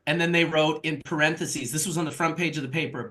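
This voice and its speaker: Male co-talker, excitable, laughs easily, slightly high, bright voice. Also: brisk, few pauses. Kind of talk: casual chat.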